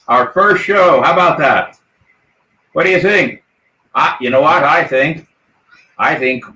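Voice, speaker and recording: A man's voice: a little high, sharp tone, roomy sound, rough recording. Hearty man hosting a pirate-themed podcast. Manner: hearty, toasting, rallying the crew. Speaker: podcast host. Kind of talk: live podcast chat in a playful pirate persona.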